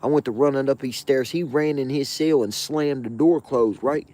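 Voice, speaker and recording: A man hosting his own show, telling a jail story in a profane, slangy, animated way with frequent asides. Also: medium pitch, normal speed. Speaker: show host. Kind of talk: casual storytelling of a jail anecdote.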